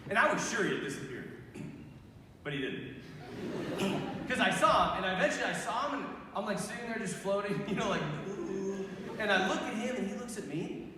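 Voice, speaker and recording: A priest in his thirties telling a story to young people, animated, laughing and acting out what people said. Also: high voice, a little hiss or hum. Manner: animated, acts out quotes, laughs often. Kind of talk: youth retreat talk, storytelling. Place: large hall. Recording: echoey hall from far off.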